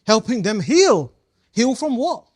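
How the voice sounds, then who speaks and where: A man's voice: extremely high pitch, sing-song, measured pace, darkish tone, slightly rough. A man leading a live coaching workshop, playful and slangy, quizzing his audience as he goes. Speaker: community coaching trainer.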